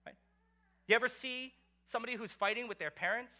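A man preaching a sermon as pastor, animated and conversational, asking the congregation rhetorical questions. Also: very high-pitched, brisk.

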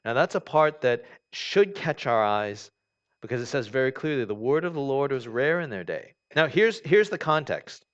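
Conversational pastor preaching on lo-fi audio. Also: male voice, mid-range voice, a bit bright, clean tone. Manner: conversational, with many fillers and restarts. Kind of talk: sermon. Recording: dull lo-fi recording.

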